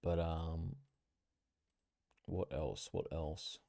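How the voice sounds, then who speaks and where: Deep-voiced Australian man rambling on stream. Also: fairly even intonation, extremely slow, gravelly, mellow, no room sound. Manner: rambling, swearing, drawling with fillers and self-corrections. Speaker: livestream host. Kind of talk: casual solo livestream commentary.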